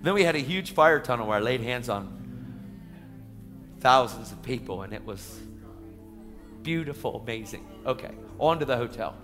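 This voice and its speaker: Animated male preacher in echoey hall. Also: mid-range voice, normal speed, long pauses. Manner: animated, emphatic storytelling. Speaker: evangelist preacher. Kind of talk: sermon testimony. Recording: echoey hall with faint music.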